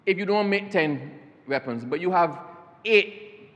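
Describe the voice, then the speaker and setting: A man's voice: sits high, expressive, unhurried, fairly bright tone. A man, a government minister giving a formal parliamentary speech and often addressing the chair as sir. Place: parliament chamber. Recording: long reverb of a debating chamber.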